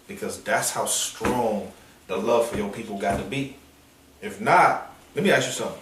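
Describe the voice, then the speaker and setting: A man preaching on a downtown street in a forceful, confrontational, slangy manner, with call-and-response from listeners. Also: on the low side, normal speed, slight background noise. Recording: echoey street sound from a distance.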